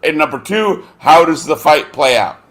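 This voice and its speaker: A man's voice: a little high, animated, normal speed, a bit bright. Rambling, swearing man hosting a chat. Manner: rambling and profane, gropes for names with many fillers. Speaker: podcast host. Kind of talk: casual chat.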